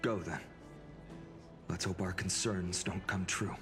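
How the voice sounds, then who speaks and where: A man's voice: sits low, fairly even intonation, slow. An actor playing an earnest young male hero and loyal comrade in a game, with reverb and music behind. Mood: solemn. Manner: earnest, warm-hearted speechmaking. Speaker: game character. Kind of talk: game voice acting.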